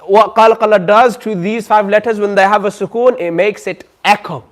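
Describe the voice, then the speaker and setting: High-voiced man teaching a recitation class. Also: steady tone. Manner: patient, models sounds slowly for the class to repeat. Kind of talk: classroom lesson. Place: community centre classroom.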